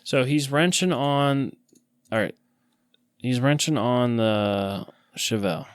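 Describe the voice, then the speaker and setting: A man's voice: medium pitch, takes it slowly, clean tone, dry recording, clean studio sound. A man co-hosting a podcast, chatting casually and explaining movie scenes and car engine details. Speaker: podcast co-host. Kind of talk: casual chat.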